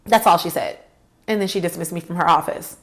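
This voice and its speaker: A woman's voice: fairly low pitch, a little fast. A woman in her thirties telling a personal career story to her viewers, candid and emphatic, speaking to them directly. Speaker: career vlogger.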